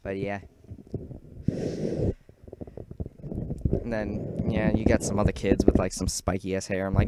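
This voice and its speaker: Excitable teenage boy with loud noise behind. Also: on the low side, slow pace, long pauses. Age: teens. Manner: rambling, excitable, acts out quotes with sudden loud squeals. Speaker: amateur stand-up comic. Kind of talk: casual stand-up storytelling.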